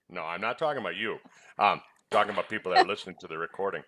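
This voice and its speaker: Over a loud crowd, a man with a deep voice races through casual supplement talk. The health-product presenter and onetime clinic operator rambles and needles his co-host with quiz questions.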